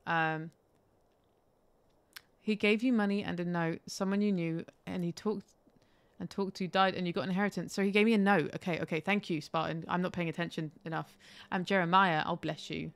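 A woman's voice: fairly low pitch, fairly even intonation, moderate pace, gravelly, clean tone. A woman live-streaming a game from home on a headset, chatty and swearing, with laughing asides.

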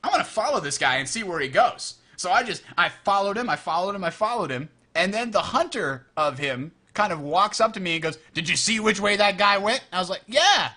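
Husky, bright-voiced man telling game stories. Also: high voice, fast talker, few pauses. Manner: animated storyteller, acts out quoted lines. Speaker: podcast co-host. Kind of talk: casual gaming chat.

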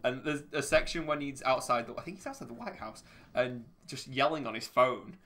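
A man's voice: medium pitch, a little fast, bright, forceful tone. A man playing a racing game, rambling, laughing often and swearing a lot. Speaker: gamer commentating his play. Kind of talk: casual gaming chat.

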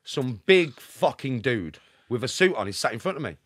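A middle-aged man with a Birmingham accent, a podcast guest telling rapid, emphatic anecdotes and constantly checking in with the listener. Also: mid-range voice, very animated, husky, no room sound, studio quality. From Birmingham, England. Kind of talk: casual storytelling.

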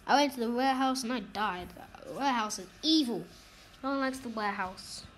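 Excitable high-voiced woman gaming. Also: slight background noise, rough recording. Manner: excitable, quick, complaining, jokey. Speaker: gamer, video host. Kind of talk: casual gaming commentary. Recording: game music playing loudly underneath. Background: game music.

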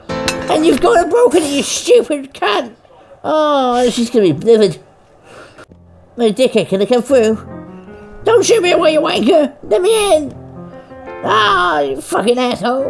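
A woman talks through a game in a high, gravelly voice that swings up and down constantly. She curses freely and taunts the characters, speaking as the goose itself. Faint game music plays underneath. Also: darkish tone. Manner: foul-mouthed, taunting, role-playing as the goose in first person. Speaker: gamer. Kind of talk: let's play commentary.

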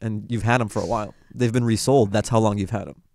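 A man's voice: fairly low pitch, steady tone, quick pace, darkish tone. A man guesting on a podcast as a comedian, telling stories in a laid-back way and acting out quotes. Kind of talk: casual podcast chat.

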